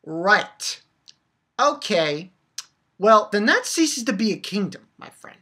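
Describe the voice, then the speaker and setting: A woman giving an excited, rambling recap of a manga chapter, swearing freely and restarting her sentences. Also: medium pitch, slow, pauses often, slightly rough. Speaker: manga reviewer.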